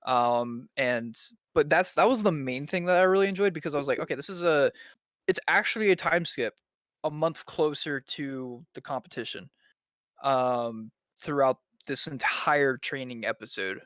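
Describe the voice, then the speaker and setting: A man's voice: mid-range voice, moderate pace, fairly bright tone, no room sound. Young male panelist, casual and meandering, dry close mic. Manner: rambling, many ums and restarts. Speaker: podcast panelist. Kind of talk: casual chat.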